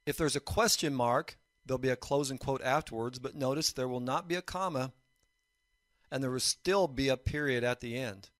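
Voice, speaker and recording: A man teaching a recorded lesson on writing fiction, explaining points in a measured way. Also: medium pitch, a bit bright, no echo. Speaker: college instructor.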